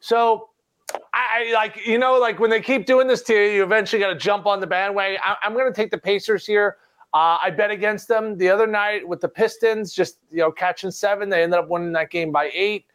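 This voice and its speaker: High-voiced animated man. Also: a little fast, clean tone. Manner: animated, self-deprecating storytelling. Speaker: sports betting analyst. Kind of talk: casual panel chat.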